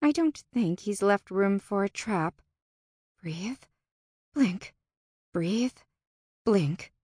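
A woman narrating a first-person fantasy audiobook in an expressive, tense and dramatic manner. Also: mid-range voice, slow pace, no room sound, studio quality.

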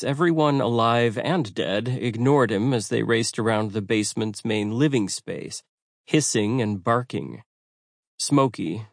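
A man narrating an audiobook in a measured, wry storytelling manner. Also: lowish voice, creaky, no echo, studio quality.

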